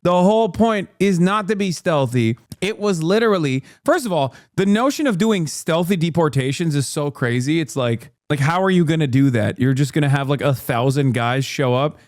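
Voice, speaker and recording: A sarcastic young-sounding male streamer rants through casual political commentary, heavy on profanity and mock disbelief. His voice sits high and is recorded dry and close. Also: lively intonation, moderate pace, few pauses, no echo. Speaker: streamer host.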